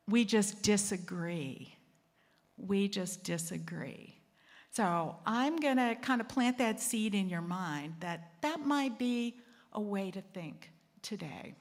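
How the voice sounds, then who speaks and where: A woman's voice: on the high side, animated, takes it slowly, in a large hall. A woman hosting a secular assembly, talking conversationally, joking about herself and acting out quotes. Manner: conversational, self-deprecating, acts out quotes. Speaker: host.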